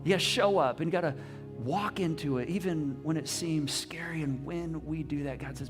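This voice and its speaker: Animated male pastor preaching. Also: on the high side, normal speed, over music. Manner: animated, swings from loud emphasis to soft hushed lines; repeats words on restarts, asks the congregation questions. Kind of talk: sermon.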